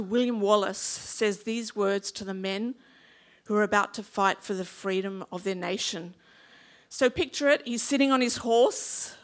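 A woman in her fifties with an Australian accent, preaching a sermon in a chatty, humorous way and drawing in the congregation. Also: mid-range voice. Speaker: pastor.

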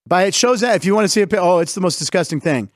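A middle-aged man hosting a casual comedic sports talk show, rambling through jokes and quick asides. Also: high-pitched, animated, no echo, clean studio sound. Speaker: host.

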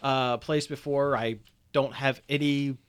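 A man's voice: medium pitch, steady tone, unhurried, clear, resonant tone. A man co-hosting a podcast, chatting casually and rambling through a story with lots of fillers. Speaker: podcast co-host. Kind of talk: casual chat.

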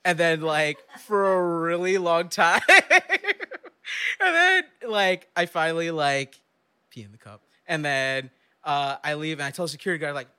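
A young man telling a lively story on stage, laughing often and acting out the voices of the people in it. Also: fairly high pitch, clean tone. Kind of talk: live storytelling.

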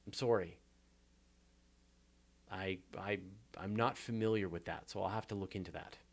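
A man's voice: sits low, normal speed. A Canadian man hosting a casual viewer Q&A, chatty and self-deprecating, with many fillers and restarts. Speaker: show host answering viewer questions. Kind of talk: casual live Q&A chat.

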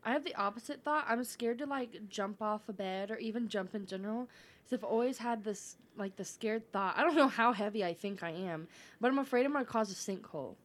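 A young woman co-hosting a podcast, chatty and quick to laugh. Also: mid-range voice. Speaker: podcast co-host. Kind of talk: casual chat.

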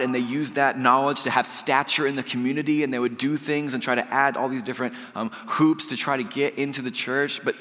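A male pastor preaching a sermon, animated, with soft, emphatic pauses. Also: medium pitch, in a large hall.

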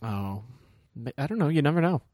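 Low-voiced male podcast co-host, animated and wry, dry close sound. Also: no echo. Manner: wry, quick to do silly voices. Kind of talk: casual chat.

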